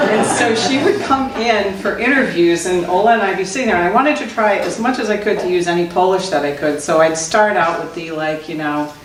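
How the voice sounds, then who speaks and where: A woman's voice: medium pitch, normal speed. Zen teacher, middle-aged woman, storytelling talk, laughs a lot; distant mic, hiss. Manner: laughing often while telling anecdotes. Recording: echoey room, distant mic, noisy.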